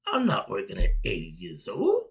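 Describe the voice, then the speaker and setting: An older man talking casually and emphatically in a monologue, with laughing asides, swinging between loud and soft. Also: on the low side, wildly swooping pitch, moderate pace, husky. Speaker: commentator.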